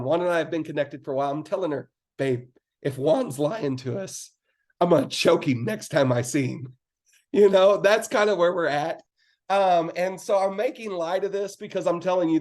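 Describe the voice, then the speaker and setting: A man's voice: on the high side, darkish tone. Earnest man telling his business story. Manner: earnest, candid, many fillers and acted quotes. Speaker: network marketing speaker. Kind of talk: casual storytelling to a team.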